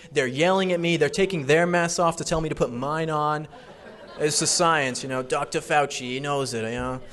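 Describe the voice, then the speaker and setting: Man, political speaker, emphatic, repetitive, slightly high voice. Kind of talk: fundraiser speech.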